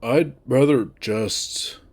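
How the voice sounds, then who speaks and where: A man's voice: mid-range voice, very slow, a little mellow. A man voicing a young male furry slacker in a visual novel, talking in a sarcastic, drawling, exasperated way. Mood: wry.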